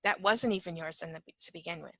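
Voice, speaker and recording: Husky-voiced woman teaching casually. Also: fairly low pitch, brisk, no room sound. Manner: conversational, keeps asking "right?", acts out little dialogues; drops to a soft whisper at times. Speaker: empath teacher. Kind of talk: informal spoken teaching.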